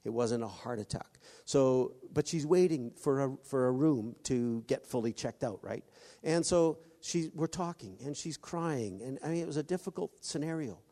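A man preaching a sermon, halting often with restarts and acting out quoted voices. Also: medium pitch, expressive, mellow. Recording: long hall reverb.

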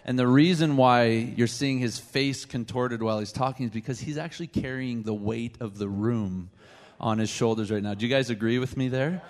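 A man ministering in church, speaking deliberately and praying a blessing over someone. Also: medium pitch. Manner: measured, deliberate, prayerful. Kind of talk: prayer and exhortation.

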